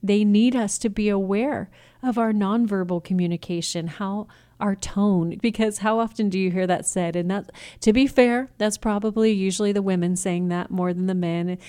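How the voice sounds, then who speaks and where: A woman's voice: medium pitch, moderate pace, dark tone, clear, resonant tone. A woman giving a faith-based teaching talk on family communication, earnest and coaching, acting out example phrases. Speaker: Christian family communication speaker.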